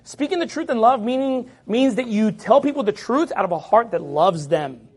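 A man with a very high speaking voice delivers a sermon. He preaches forcefully, raising his voice, and mimics his critics with mocking tones. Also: lively intonation, normal speed, slightly rough. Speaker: pastor.

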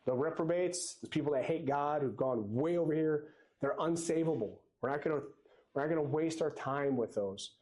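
A man's voice: fairly high pitch, moderate pace, a little mellow. Man preaching an earnest conversational sermon. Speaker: lay preacher. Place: church sanctuary at a pulpit.

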